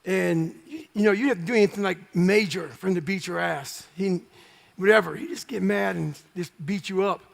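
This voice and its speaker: A man's voice: sits high, fairly quick, gravelly. A man telling his story in a blunt, profane, punchy way as an interview guest before a live audience. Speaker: guest speaker.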